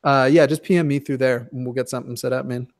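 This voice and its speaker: A man chatting casually on a video call, joking and self-deprecating, with halting restarts. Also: medium pitch, fairly even intonation.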